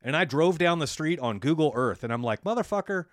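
A man's voice: medium pitch, a little fast. A man co-hosting a casual business podcast, sounding dry and close with no room echo. He tells stories in a loose, conversational way. Then he shifts into plain coaching for business owners. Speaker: podcast co-host.

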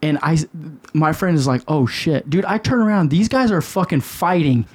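A middle-aged man hosting a podcast, telling a story in a casual chat with lots of cursing and emphatic, animated delivery. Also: on the high side, moderate pace, breathy edge. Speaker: podcast host.

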